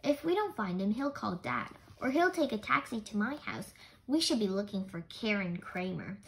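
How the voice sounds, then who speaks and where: A woman's voice: mid-range voice, sing-song, normal speed, vocal fry, poor audio. A woman reading aloud, voicing a clever, observant young girl detective in a children's storybook. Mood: thoughtful.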